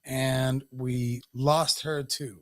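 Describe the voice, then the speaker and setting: A man's voice: medium pitch, flat delivery, extremely slow, fairly bright tone, dry recording, clean studio sound. Emotional, profane man ranting on a podcast. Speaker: podcast co-host. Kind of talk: casual live podcast chat.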